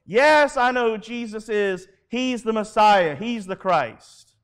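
Fired-up earnest disciple guy , a preacher doing him, loud and high. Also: big pitch swings, slow, creaky, heavily acted. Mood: bold. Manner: loud, emphatic declarations. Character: impassioned adult male disciple, bold and earnest.

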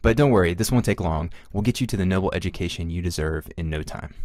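A male podcast host with a very deep voice talks in an upbeat, chatty, self-deprecating way while walking listeners through teaching material. The recording is dry and close. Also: quick pace, a little mellow, dry recording. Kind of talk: casual explanatory podcast narration.

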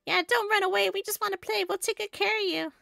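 Lady doing a squeaky bratty kid voice, bossy, whiny. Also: fairly even intonation, fast talker, gravelly, bright, forceful tone, no echo, studio quality, heavily acted. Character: bratty pushy kids demanding a beetle. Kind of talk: reading game dialogue aloud.

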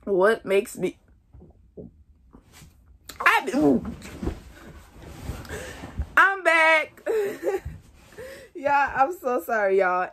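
A woman's voice: on the high side, fairly bright tone, slight background noise. A young woman chatting to her viewers in a casual pregnancy update vlog, feeling nauseous. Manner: chatty, talks straight to viewers as y'all. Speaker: vlogger.

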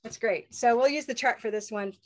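A woman with a North American accent and a slightly high voice teaches English pronunciation in a live online lesson. She's upbeat and models sounds by stretching example words out slowly.

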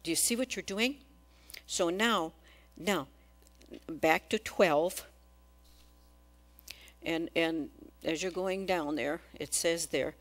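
A woman preaching a sermon in a church, asking the congregation questions and acting out quotes. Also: fairly low pitch.

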